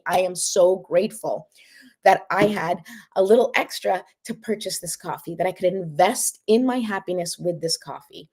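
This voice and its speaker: A woman's voice: medium pitch, a little mellow, husky. Middle-aged woman, life coach, casual livestream talk, chatty with lots of asides. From Canada. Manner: chatty, many asides, says "right?" and "like" often.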